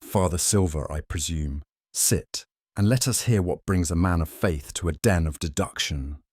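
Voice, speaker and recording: A man voicing a sharp, coolly observant detective who speaks in a crisp, measured, wry way. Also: deep voice, no room sound, clean studio sound.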